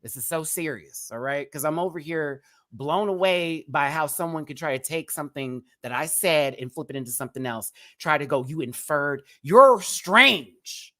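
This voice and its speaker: Hosting a live review show, a man rants at a critic in a sassy, cutting way, tossing out pet names like sweetie and baby. His voice is on the high side and fairly bright, and he talks fairly quickly with hardly any pauses.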